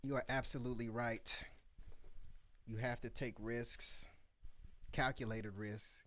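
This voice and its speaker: A man hosting a live beat review show, telling a story in casual chat and acting out the quotes with lively voices. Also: medium pitch, slow pace.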